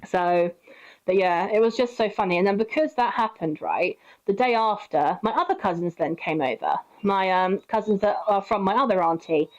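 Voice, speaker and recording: A woman's voice: medium pitch, normal speed, muffled recording. Chatty, swearing young woman. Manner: chatty, swears freely, laughs often. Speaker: streamer. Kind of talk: casual storytelling while gaming.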